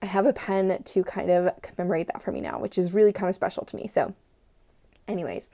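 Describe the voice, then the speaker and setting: Woman host, casual review vlog, mellow gravelly voice, gushing and excitable. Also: on the low side, fairly quick. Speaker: stationery channel host.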